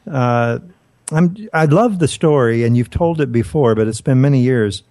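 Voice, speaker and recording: A man co-hosting a radio interview, asking questions in a measured, courteous way. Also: mid-range voice, a little mellow, dry recording. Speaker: radio co-host.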